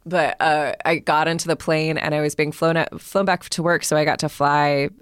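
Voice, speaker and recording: A woman hosting a podcast, telling stories in a loose, rambling way with lots of fillers. Her voice sits fairly low. The sound is dry and close. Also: level tone, moderate pace, smooth, no echo. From Ireland. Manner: rambling, many fillers and restarts. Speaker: podcast host. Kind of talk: casual chat.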